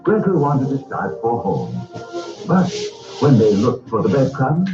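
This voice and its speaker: A man narrating a storybook cartoon, reading aloud in a measured, expressive way. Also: mid-range voice, reverberant. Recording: tinny old record with music.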